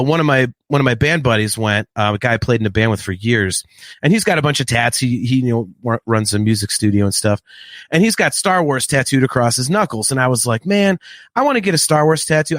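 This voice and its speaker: Lively laughing man telling stories. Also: medium pitch, fairly quick, no echo. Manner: animated storyteller who laughs often. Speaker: podcast co-host. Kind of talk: casual chat.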